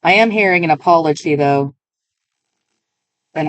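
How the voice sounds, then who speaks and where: A woman's voice: lowish voice, normal speed, no room sound. A woman reading tarot cards for her viewers, talking in a musing, emotional way and often interrupting herself. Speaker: tarot reader.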